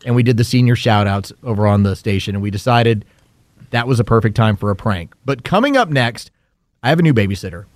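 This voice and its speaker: A man's voice: lowish voice, animated, fast talker, no room sound. Joking man in casual podcast banter. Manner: teasing, laughs often. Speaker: podcast co-host.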